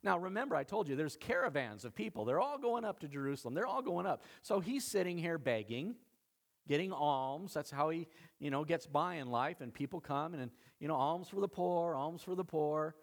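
Animated high-voiced male preacher. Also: fairly quick. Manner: animated, dramatic storytelling with acted-out quotes. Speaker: pastor. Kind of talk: sermon.

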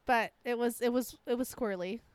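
A woman in casual chat, telling an animated, slangy story as a co-host. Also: a little high, a little fast, clear, resonant tone.

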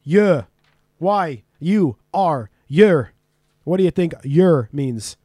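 A man's voice: a little high, lively intonation, takes it slowly, warm tone, no room sound, clean studio sound. A man hosting a casual podcast, quizzing a guest with lots of laughs and swearing. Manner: laughing, swearing, teasing quiz-giver. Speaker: podcast host. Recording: remote podcast call.

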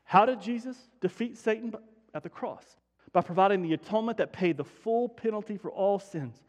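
A man preaching a sermon as pastor, conversational and energetic, repeating key phrases for emphasis. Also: high-pitched, brisk, big-room sound.

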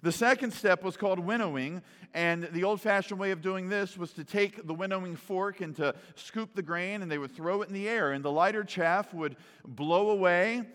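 Chatty preacher with a lightly raised voice in a big reverberant hall. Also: male voice, high voice, normal speed, fairly bright tone. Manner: conversational, often asks "right?", repeats words as he starts sentences. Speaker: pastor. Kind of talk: teaching sermon. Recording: long reverb of a large hall.

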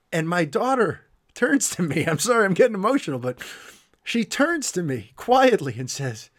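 A middle-aged man hosts his podcast and tells a story in an animated, enthusiastic way. His voice sits a little high for a man. He gets emotional at times and talks like a devoted fan. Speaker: podcast host. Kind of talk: casual storytelling monologue.

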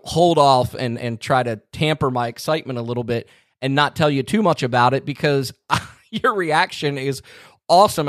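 A man's voice: fairly high pitch, fairly bright tone, no room sound, studio quality. A man hosting a casual podcast chat, teasing his co-host in an easygoing way and laughing along.

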